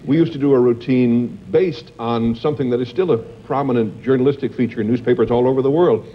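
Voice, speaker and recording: A man's voice: mid-range voice, steady tone, fast talker. A man in his sixties hosting a TV talk show, chatting genially with his guests. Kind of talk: casual talk-show chat. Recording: dull 1980s TV studio audio.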